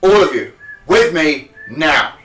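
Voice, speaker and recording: A man voicing a furious, foul-mouthed guard captain who barks clipped orders and shouts at his men. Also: fairly high pitch, very animated, takes it slowly, echoey room, faint music behind, full character voice. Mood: grudging, stern.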